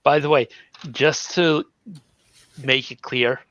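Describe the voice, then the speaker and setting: A man with a bright, tense voice jumps eagerly into a tabletop game to describe his character. The sound is dull and very dry. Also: medium pitch, fairly even intonation, takes it slowly, dry recording. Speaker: player. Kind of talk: casual tabletop play.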